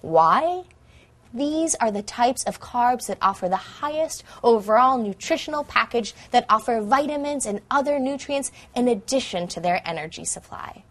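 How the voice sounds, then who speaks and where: A woman's voice: a little high, lively intonation, normal speed. A woman presenting a scripted educational lesson in an upbeat, emphatic way.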